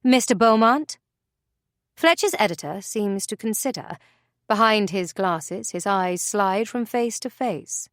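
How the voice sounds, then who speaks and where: A woman narrating an audiobook in an expressive, measured way. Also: medium pitch, dry recording, clean studio sound.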